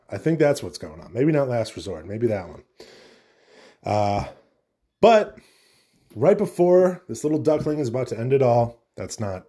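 A man's voice: medium pitch, mellow. Rambling, self-correcting male podcaster. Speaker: podcast host. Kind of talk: casual solo podcast monologue.

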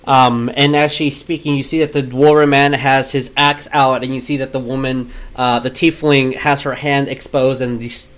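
A man's voice: medium pitch, flat delivery, moderate pace, hardly any pauses, a bit bright. A man narrating as game master of a tabletop game, casual and loose, with many fillers.

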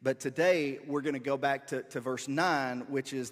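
A pastor giving a relaxed, conversational sermon with asides to his congregation. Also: medium pitch, moderate pace, hardly any pauses. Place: church sanctuary. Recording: long hall reverb.

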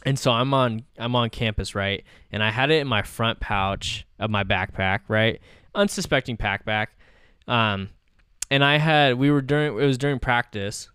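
A man's voice: medium pitch, normal speed, sharp tone, clear, resonant tone, no echo, studio quality. A man in his twenties hosting a podcast, telling casual stories in a rambling way, full of filler words and swearing. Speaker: podcast host. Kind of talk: casual chat.

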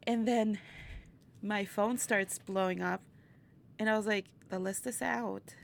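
A woman guest in a casual interview, telling a story in an animated way, laughing often and acting out what people said. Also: medium pitch, a little slow, creaky, a little hiss or hum. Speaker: interview guest, burlesque performer.

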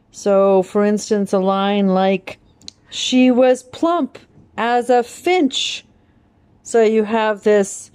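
Woman host, informal poetry lesson, unhurried with frequent pauses, warm and smooth. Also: mid-range voice. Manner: unhurried, thoughtful, with many pauses and fillers.

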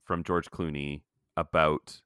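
Man, low register, smooth and resonant, dry close mic; easygoing podcast co-host. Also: slow pace, dry recording. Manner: relaxed, chatty, many "like" fillers. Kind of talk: casual chat, reading a long quote aloud.

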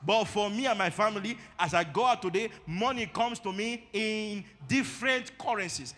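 Pastor guy preaching, bright sharp voice, big church reverb, shouts back at the crowd. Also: high voice, normal speed. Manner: call-and-response preaching, building to shouts. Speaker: lead pastor. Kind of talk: sermon. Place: church hall. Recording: long reverb of a church hall.

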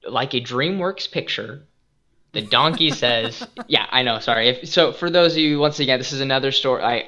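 A young man hosting a casual podcast, retelling a Bible story in an animated, earnest and reflective way, on a dull lo-fi recording. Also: medium pitch. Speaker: podcast host and youth skate minister.

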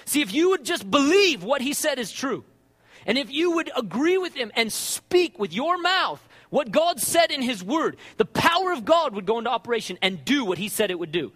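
Male preacher, high voice, wide swooping pitch, long hall reverb, conversational sermon. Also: moderate pace. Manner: animated, conversational, asks "right?" often.

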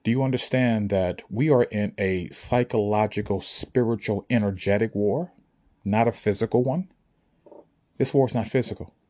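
Speaking at a normal pace in a warm, lowish voice, a spiritual speaker gives a motivational monologue. His tone is preachy and forceful, and he keeps asking the audience whether they understand.

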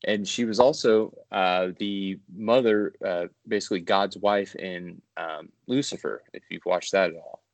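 A man's voice: deep voice, fairly even intonation, measured pace, gravelly, few pauses, dry recording. A man co-hosting a podcast, easygoing, reading out the next entries in casual chat. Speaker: podcast co-host.

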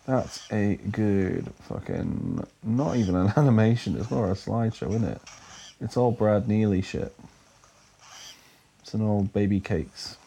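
Playing through a retro game, a gamer delivers casual, profane let's-play commentary, muttering asides and cursing enemies again and again. His voice is fairly low, creaky and warm, with lively intonation and a measured pace, over slight background noise.

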